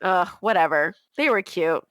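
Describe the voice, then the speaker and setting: Bright, animated young woman telling a story. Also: moderate pace, no echo. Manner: animated, laughing, swearing, acting out quotes in high voices. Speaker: podcast co-host. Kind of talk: casual storytelling chat.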